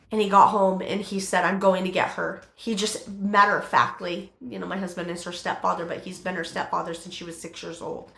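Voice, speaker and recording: A middle-aged woman telling her personal testimony in an interview, halting, with many fillers and restarts. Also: lowish voice, gravelly, fairly bright tone, reverberant.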